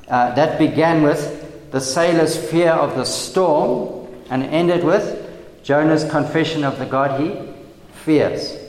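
Man, sermon, slow deliberate teaching, slightly high voice, long hall reverb. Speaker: preacher. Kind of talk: expository sermon.

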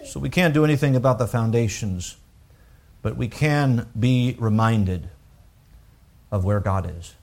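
A man preaching a sermon with emphatic swings from loud declarations to hushed, drawn-out lines, repeating words as he works through a thought. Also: mid-range voice, creaky. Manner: unhurried, deliberate, with pauses and repeated words. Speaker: pastor.

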